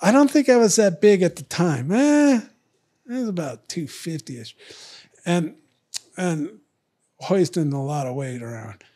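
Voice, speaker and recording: A man's voice: on the high side, animated, measured pace, pauses often, mellow. A middle-aged man telling stories in casual chat, blunt and profane, acting out both sides of old arguments. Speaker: guest. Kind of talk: casual storytelling.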